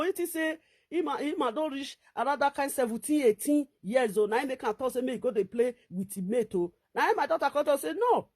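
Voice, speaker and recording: A woman speaks in a Nigerian Pidgin accent, her voice sitting high. She tells a story to the camera in an animated way, full of fillers and restarts. She climbs toward shouting whenever she repeats what others said. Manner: animated, rising to near-shouts when quoting others; many fillers and restarts, recounting a dispute. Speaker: vlogger. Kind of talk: casual storytelling monologue.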